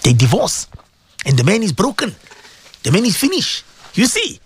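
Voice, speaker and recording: A man's voice: high voice, huge pitch swings, normal speed, a little hiss or hum. A man presenting a radio advice show and delivering an impassioned sermon, full of repeated rhetorical questions. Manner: fervent, repetitive, rhetorical questions.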